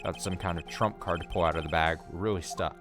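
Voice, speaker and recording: A man hosting a let's play, reading game text aloud with wry, deadpan asides, over game music. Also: low voice, fast.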